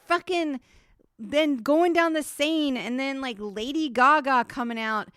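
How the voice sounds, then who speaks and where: A woman co-hosting a podcast from home, telling a story in a casual, animated way, peppered with "like" and swearing. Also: sits high, unhurried, dry recording, clean studio sound. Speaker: podcast co-host. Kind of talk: casual chat.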